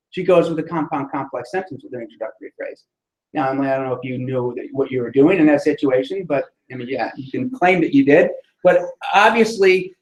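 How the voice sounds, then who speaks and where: A man giving a writing lesson, talking students through sentence structure in a conversational way and often asking "right?". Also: high voice. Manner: conversational, frequent "right?" check-ins. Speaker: writing instructor. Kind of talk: classroom lecture on sentence structure. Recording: echoey room.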